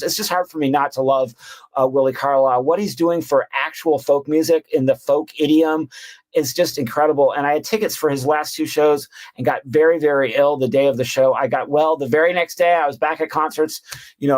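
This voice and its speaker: A man on a panel, ranking his favorite albums of the year in a rambling, enthusiastic way full of ums and restarts. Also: on the high side. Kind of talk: casual roundtable chat.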